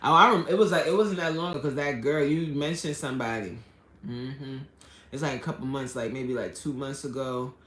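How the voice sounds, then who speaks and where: A woman's voice: very deep voice, brisk, a bit bright. A woman hosting a casual live stream, reading chat comments aloud and laughing often. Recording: echoey room.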